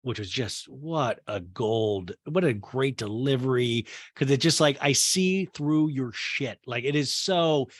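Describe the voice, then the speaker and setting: A man hosting a podcast, recapping a reality show in a chatty, sarcastic manner with quick asides. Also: medium pitch, no room sound. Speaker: podcast host.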